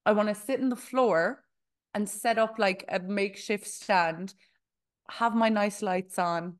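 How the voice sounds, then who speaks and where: Young woman, podcast co-host, animated storyteller, even middle-range voice. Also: mid-range voice, a little slow. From Ireland. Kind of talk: casual chat.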